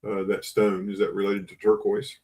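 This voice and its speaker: A man's voice: fairly low pitch, monotone, normal speed, a little mellow. Man running a live online auction. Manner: auctioneer patter, repeating bids and urging buyers. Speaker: livestream auction host.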